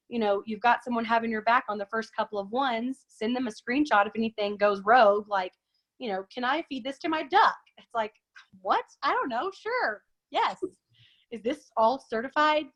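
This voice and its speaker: A woman hosting a casual chat, talking fast and acting out quoted lines in big, high voices. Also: a bit bright. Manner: chatty, acts out quoted lines with big pitch jumps. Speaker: host. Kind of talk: casual chat on a video call.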